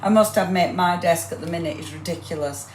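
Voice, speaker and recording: A woman hosting a crafting live stream, greeting viewers by name in a bubbly, excitable way with lots of "um". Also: lowish voice, brisk, reverberant, a little hiss or hum. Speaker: craft livestream host. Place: home craft room.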